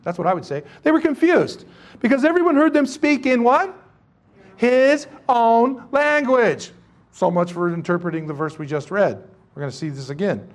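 A man preaching a sermon to his congregation, animated and joking, with many rhetorical questions. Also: sits high, normal speed. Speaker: pastor.

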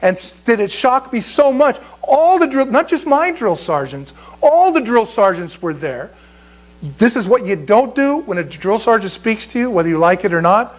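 A man in his sixties, a pastor telling a story in a sermon, animated and emphatic, rising sharply when he stresses a point. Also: sits high, moderate pace.

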